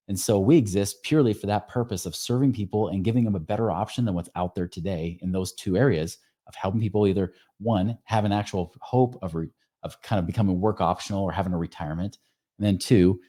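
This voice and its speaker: Deep, mellow-voiced podcast host. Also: male voice. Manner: earnest, conversational, frequent fillers and self-corrections; speaks directly to the listener with rhetorical questions. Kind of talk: casual advice monologue.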